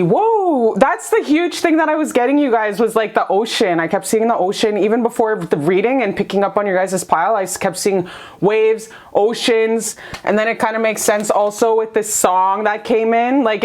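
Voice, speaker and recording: A woman giving a casual tarot reading to camera, gushing and bubbly, swearing freely and laughing often. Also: medium pitch. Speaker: tarot reader.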